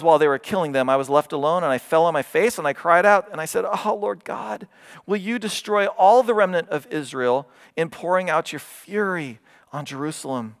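Male pastor, slightly higher voice, expressive sermon delivery in church. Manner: expressive preaching, voice rising when retelling scripture and dropping low for emphasis.

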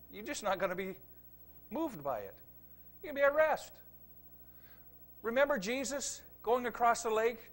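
A middle-aged man preaching a revival sermon, swinging from quiet asides to loud emphatic preaching. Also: high-pitched.

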